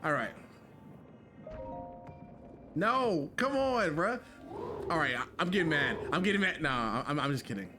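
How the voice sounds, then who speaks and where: A man streaming a game live, talking to his chat in a jokey, excitable way and repeating himself when flustered. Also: fairly high pitch, a little slow, long pauses, music in the background. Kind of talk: live gameplay commentary.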